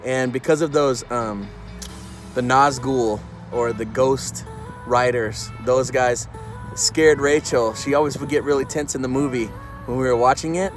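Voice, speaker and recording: A man recounting his family's story in a steady, plain way, speaking as the father. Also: medium pitch, a little slow. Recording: loud guitar music behind.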